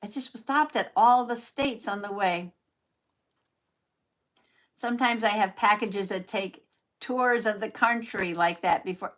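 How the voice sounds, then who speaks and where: A woman's voice: medium pitch, unhurried, long pauses, a bit bright. Chatty woman crafting live. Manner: chatty, laughs often, talks to viewers by name. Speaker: journaling channel host. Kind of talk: casual live crafting chat.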